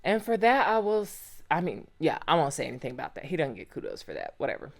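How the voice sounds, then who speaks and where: A woman's voice: deep voice, sing-song, fast talker, gravelly. A woman hosting a solo podcast, talking casually and animatedly with slang and lots of exclamations and rhetorical questions. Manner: slangy and conversational. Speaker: podcast host.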